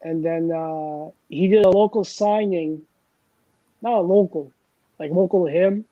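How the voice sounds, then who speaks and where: A man's voice: high-pitched, measured pace, dry recording, highs cut off. A man hosting a casual chat and telling long, rambling, self-deprecating anecdotes, wired on coffee. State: over-caffeinated. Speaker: host.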